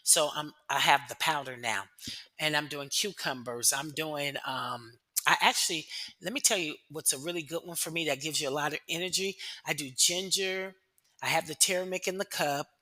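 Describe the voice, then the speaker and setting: Bright-voiced chatty woman vlogger. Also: sits low, normal speed. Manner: chatty, acts out her own past thoughts in quotes. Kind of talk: casual personal storytelling vlog.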